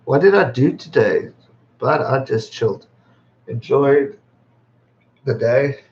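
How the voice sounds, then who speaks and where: On his birthday livestream, a man in his twenties from England chats casually, reads viewer comments aloud, laughs often and swears freely. His medium-pitched voice is expressive and slow. The recording is slightly dull lo-fi stream audio.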